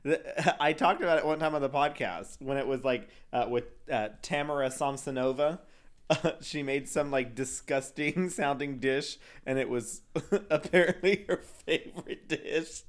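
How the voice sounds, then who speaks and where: A man's voice: mid-range voice, unhurried. Podcast co-host, man, casual and rambling, laughs a lot. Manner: giggly, rambling, many fillers and laughs. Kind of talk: casual chat.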